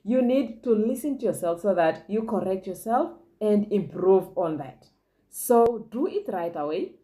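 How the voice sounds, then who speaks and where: Lively-voiced woman teaching English tips. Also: medium pitch, measured pace. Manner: encouraging, chatty, addresses the viewer directly. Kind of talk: casual spoken lesson giving tips.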